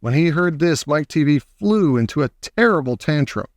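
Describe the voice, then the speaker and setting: A man narrating a children's storybook in a steady, expressive reading. His voice sits a little high, and the recording is dry and close. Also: normal speed, dry recording. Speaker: audiobook reader.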